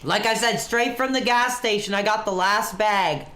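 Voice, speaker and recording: A man's voice: high voice, normal speed, bright, forceful tone. A man chatting casually on a webcam stream, reacting to a wrestling match as he watches along. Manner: laid-back, chatty, reacting to the action.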